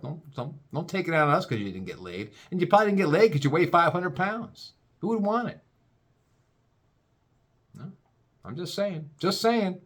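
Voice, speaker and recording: A man's voice: on the high side, big pitch swings, normal speed, pauses often. A man ranting in a rambling, crude comic way, stammering and restarting often.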